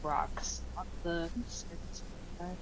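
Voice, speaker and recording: A woman with a lower voice plays in a tabletop game. She asks hesitant questions padded with fillers, and a faint background noise sits under her recording. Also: little pitch movement, a little slow, low-quality recording. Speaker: player. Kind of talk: casual chat at a tabletop game.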